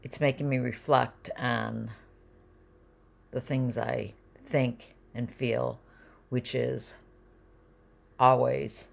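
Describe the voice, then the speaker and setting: A woman's voice: very deep voice, little pitch movement, drawn-out words, gravelly, pauses often. A middle-aged woman venting in a casual vlog from her bed at home, rambling and confessional, sometimes sinking to a near-whisper.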